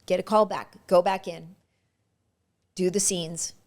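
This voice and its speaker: An actress telling lively stories about her auditions and career in a casual interview. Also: on the low side, slow pace. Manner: lively anecdotal, frequent restarts. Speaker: actress guest.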